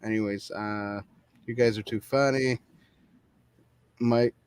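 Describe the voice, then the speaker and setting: A man co-hosting a casual movie-review podcast, playful and laughing often between halting remarks. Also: on the low side, steady tone, clean tone, no room sound. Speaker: podcast co-host. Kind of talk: casual chat. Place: studio booth.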